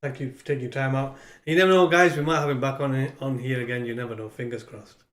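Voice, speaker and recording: A man's voice: mid-range voice, steady tone, fast. A man hosting a podcast, interviewing a guest and thanking him in a casual way. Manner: brief encouraging interjections. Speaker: podcast host. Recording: echoey room.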